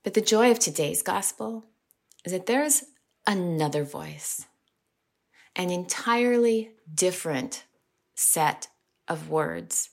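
A middle-aged American woman reading the gospel and preaching a short sermon in a slow, measured, gentle way. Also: fairly low pitch, animated, gravelly. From United States.

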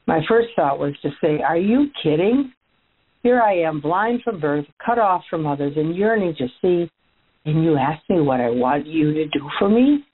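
A woman's voice: sits low, animated, normal speed. A woman speaking as a formerly blind male beggar, telling his story in the first person and addressing listeners directly. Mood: earnest. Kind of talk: first-person dramatic monologue. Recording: tinny phone-like audio.

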